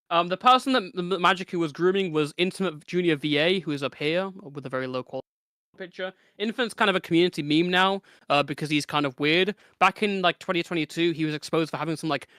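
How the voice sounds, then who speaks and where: A man's voice: fairly high pitch, fast talker, sharp tone, smooth, no echo, clean studio sound. A young man, a guest on a casual chat show, telling a long story with lots of fillers and restarts. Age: teens.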